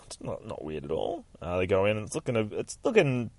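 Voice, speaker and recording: A man hosting a podcast, giving a crude, excitable recap of a comic book. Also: fairly low pitch, quick pace, hardly any pauses, dry recording. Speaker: podcast host.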